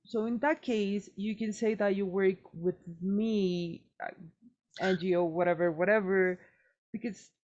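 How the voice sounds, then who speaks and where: A player in a tabletop role-play, chatty and quick while planning. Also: medium pitch, a little mellow, highs cut off.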